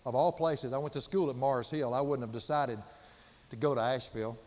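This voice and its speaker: An older man preaching a sermon with passion, swinging from loud emphasis to hushed, quiet tones. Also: mid-range voice, brisk, long reverb tail. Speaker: pastor.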